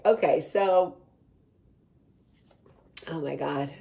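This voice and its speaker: A woman with a New Jersey accent hosts a casual talk show and tells stories in a chatty, animated way. Her speaking voice sits low. She swears freely and laughs at her own stories. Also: measured pace. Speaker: show host. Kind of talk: casual storytelling chat.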